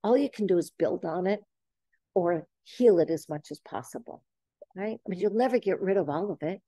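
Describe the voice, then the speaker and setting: A woman's voice: lowish voice, moderate pace, no room sound, studio quality. A woman in her seventies hosting a casual group talk, telling stories and acting out quoted lines. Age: 70s. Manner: animated storytelling, acts out quoted dialogue. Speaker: host leading a group talk. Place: boxing gym.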